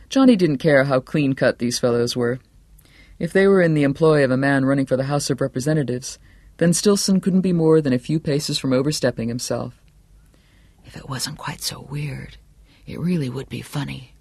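A man narrates a novel in a steady, measured way, never rushing. His voice sits at a middle pitch. The recording is dry and close, with no room sound. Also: no echo. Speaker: audiobook narrator. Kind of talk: scripted narration.

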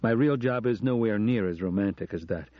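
A man voicing a middle-aged American professor who speaks in a quiet, earnest, confessional way. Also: on the low side, fairly quick, no room sound, close to an everyday voice. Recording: dull lo-fi audio.

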